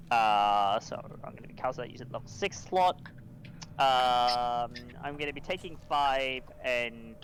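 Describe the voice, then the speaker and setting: A man's voice: mid-range voice, a bit bright, a little hiss or hum. A man playing a tabletop game who methodically works through rules and numbers aloud. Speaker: player.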